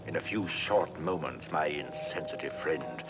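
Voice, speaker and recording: An actor playing a menacing male alien villain, speaking in a slow, threatening whisper in a film clip. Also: a bass voice. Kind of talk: film dialogue. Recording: film clip over loud music.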